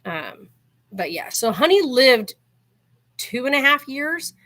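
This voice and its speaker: A woman speaks slowly in a high-pitched, fairly bright voice with big swings in pitch. Hosting her own channel, she tells stories in a casual chat loaded with "like," laughing while she tells them.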